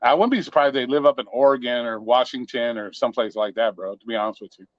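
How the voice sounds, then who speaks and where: A man's voice: mid-range voice, quick pace, dry recording. A man hosting a casual live-stream chat, joking and swearing in a laid-back way. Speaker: show host. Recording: dry, dull lo-fi sound.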